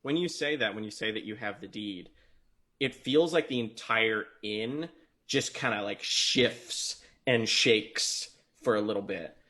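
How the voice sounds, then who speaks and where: A man's voice: lowish voice, unhurried, pushed and bright. A man running a tabletop game as dungeon master, narrating loosely with lots of fillers and restarts.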